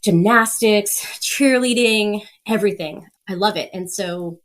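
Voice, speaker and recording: A woman's voice: medium pitch, a little slow, over a noisy crowd. Upbeat woman in her 30s telling stories, laughs a ton, does little voices for people she quotes. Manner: energetic, laughs often, acts out quoted voices. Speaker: podcast guest. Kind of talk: casual storytelling.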